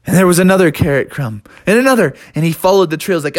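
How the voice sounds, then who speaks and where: Animated man telling a children's story. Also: high-pitched, fairly quick. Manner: animated, sing-song, playful. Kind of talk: improvised children's story narration.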